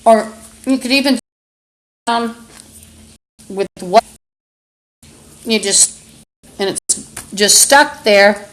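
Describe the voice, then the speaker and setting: A woman host rambling in a live-stream monologue into a phone camera, halting with many fillers and breaking into angry, insulting outbursts. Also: on the high side, fairly bright tone, rough recording.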